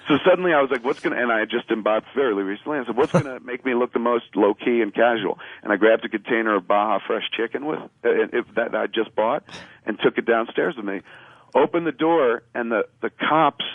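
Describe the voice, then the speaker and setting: Fast-talking man on a tinny radio line. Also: mid-range voice, no echo. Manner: animated storyteller acting out quoted lines; loose and profane, with filler words. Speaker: radio show guest. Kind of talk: casual anecdote on a radio talk show. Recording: narrow phone-like radio sound.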